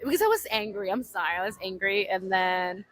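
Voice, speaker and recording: A woman in her thirties, a podcast guest, telling a funny story in casual, animated talk with non-native English grammar, laughing often and repeating herself. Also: medium pitch, a little fast, poor audio.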